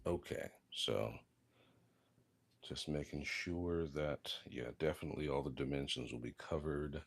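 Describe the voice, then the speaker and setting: Very deep, gravelly-voiced man. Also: measured pace. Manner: joking, rambling, self-deprecating. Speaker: leatherworker. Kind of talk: casual workshop chat.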